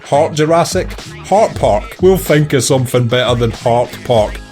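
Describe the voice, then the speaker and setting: A young Scottish man gives casual, joking commentary, swearing freely as he reacts to a show. His voice sits at an ordinary middle pitch, with faint music underneath. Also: expressive, normal speed, a little mellow. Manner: joking, profane. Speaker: reaction video host.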